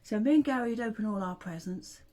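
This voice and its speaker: A little high and warm, the middle-aged woman's voice moves fast as she, a mother and vlogger, recounts family stories in a casual chat. She laughs frequently and occasionally drops to whispering. Audio is poor.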